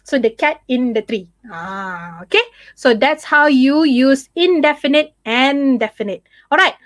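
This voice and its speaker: A young woman with a Malaysian accent teaches English grammar in a live online class. Her voice sits high, and the recording is dry and close. She slips Malay words into her English and pads her talk with fillers. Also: expressive, a little slow, dry recording. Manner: mixes Malay into English explanations, many fillers.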